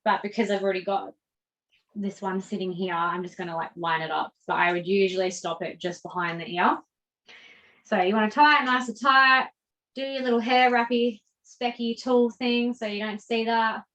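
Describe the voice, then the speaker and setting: A woman's voice: mid-range voice, normal speed, fairly bright tone, rough recording. A woman with an Australian accent, chatting animatedly while she demonstrates braiding on a mannequin as the teacher of a hair lesson. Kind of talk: casual hair braiding tutorial on a video call.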